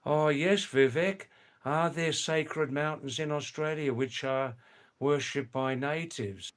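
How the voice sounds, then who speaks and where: An older man chats with his viewers on a live stream from his home. He talks very slowly, rambles and repeats words as he answers comments. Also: on the high side. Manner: slow, rambling, repeats words, chuckles to himself. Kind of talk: casual live stream chat reading comments. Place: home in a small farming hamlet.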